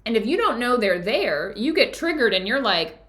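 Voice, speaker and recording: A woman's voice: fairly high pitch, very animated, unhurried, a bit bright. A woman hosting a book club discussion, talking casually and telling a personal story with lots of fillers. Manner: chatty, storytelling, frequent fillers. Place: lives in Colorado.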